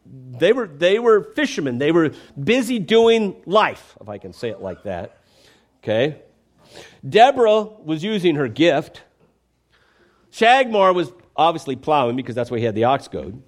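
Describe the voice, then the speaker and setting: A man's voice: a little high, very animated, measured pace. A man preaching a conversational, emphatic sermon, often checking in with the congregation.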